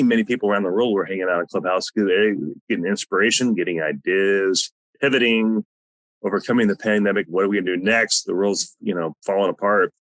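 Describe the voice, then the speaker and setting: A man's voice: fairly low pitch, fairly bright tone, no echo, low-quality recording. A man hosting a podcast in a loose, rambling, joking way over a video call. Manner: loose and rambling, with fillers and jokey asides. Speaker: podcast host. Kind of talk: casual podcast chat. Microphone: no headset, video call setup.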